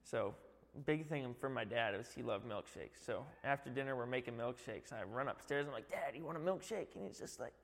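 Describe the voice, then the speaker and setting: A man's voice: mid-range voice, a little fast, vocal fry, in a large hall. A man, a youth director, giving a heartfelt church testimony, rambling with many fillers.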